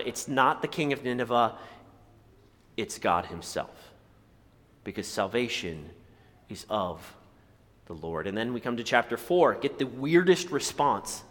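A male pastor preaching a sermon, animated, jumping from loud exclamations to hushed, near-whispered lines. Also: mid-range voice, big-room sound.

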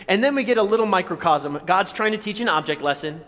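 A male pastor preaching a sermon, animated, jumping from loud exclamations to hushed, near-whispered lines. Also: sits high, a little fast, in a large hall.

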